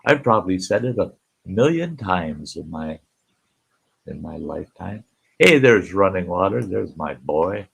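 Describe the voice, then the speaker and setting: Gravelly, slow-talking older host. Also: male voice, low-pitched, sing-song. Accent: Upper Midwest American. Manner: folksy, laughs often, greets chat viewers by name. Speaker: live stream host. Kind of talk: casual live stream chat.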